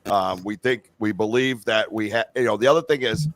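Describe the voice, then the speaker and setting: A man's voice: fairly low pitch, fairly quick, noisy background. A middle-aged man hosting a live-stream podcast, chatting casually in a rambling, profane and enthusiastic way. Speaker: podcast host. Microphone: remote stream call.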